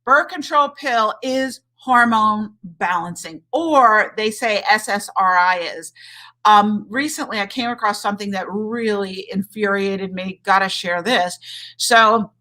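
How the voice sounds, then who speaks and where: A woman doctor and hormone coach from the United States, talking casually on a livestream in an animated, indignant way and reading viewer comments aloud. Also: mid-range voice, measured pace.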